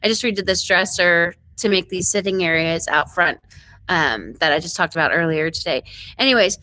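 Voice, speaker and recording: A woman hosting a ranch live stream, telling a story in an animated, quick way and acting out what people said. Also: lowish voice. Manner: animated, quick retelling with acted-out quotes. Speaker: ranch channel host.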